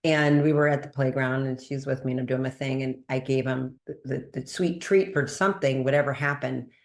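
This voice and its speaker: A woman host and doctor in a casual interview conversation, animated, laughing often and acting out quoted dialogue. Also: extremely low pitch, a little fast.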